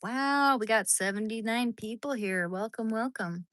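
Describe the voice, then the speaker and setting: A woman's voice: on the high side, measured pace, a bit bright, dry recording. A woman chatting casually to her live stream audience from home, rambling along with many restarts. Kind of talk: casual livestream chat.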